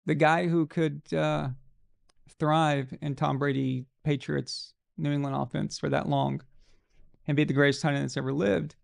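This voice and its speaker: Guy hosting a live show, kinda high gravelly voice, ranting blunt opinions, swears a lot. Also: level tone, unhurried, no echo, clean studio sound. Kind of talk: casual sports commentary.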